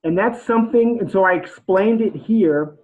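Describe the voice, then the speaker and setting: A man's voice: sits high, normal speed, a little mellow, lo-fi sound. A man giving a casual, rambling coaching talk on sales calls, acting out example phone conversations. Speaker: sales trainer.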